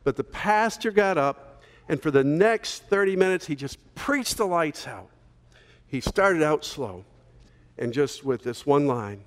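A man's voice: a little high, expressive, unhurried. Storytelling male pastor, sermon in a reverberant hall. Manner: storytelling, conversational with fillers.

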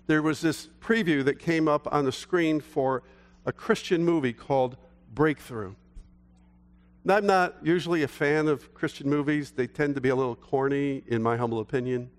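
Middle-aged male preacher, slightly higher voice, storytelling sermon, long church reverb. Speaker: pastor.

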